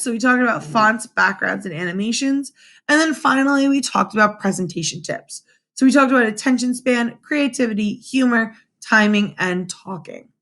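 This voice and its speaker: A young woman teacher speaks to her students over a webcam at home, with a bright, forward tone. Her voice sits a little high and moves with animated emphasis. She keeps checking in with a quick "right?". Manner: animated, addresses students directly with frequent "right?". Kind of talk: remote classroom lesson. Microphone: computer webcam mic.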